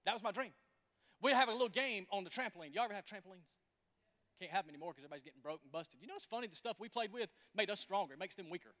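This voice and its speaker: A pastor, preaching a sermon in an animated, folksy storytelling manner. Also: male voice, high voice, very fast, in a large hall.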